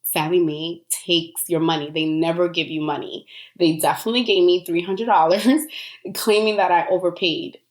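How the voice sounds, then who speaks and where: A woman's voice: fairly low pitch, fairly even intonation, normal speed. A woman hosting a solo podcast, telling personal stories in a chatty way with many fillers. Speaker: podcast host. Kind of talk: casual solo podcast talk.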